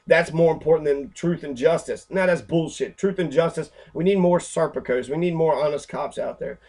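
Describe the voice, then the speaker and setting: Heated profane man with a higher voice. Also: fairly even intonation, fairly quick, few pauses, a little mellow. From Louisville, Kentucky. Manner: heated, profane, rambling, with many fillers. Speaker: activist lecturer. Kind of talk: angry profane talk over pictures.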